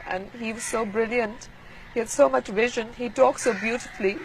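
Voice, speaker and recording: A woman from Pakistan recalling events in an archival interview, speaking in a quiet, measured, reflective way. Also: a little high, steady tone, a little hiss or hum, poor audio.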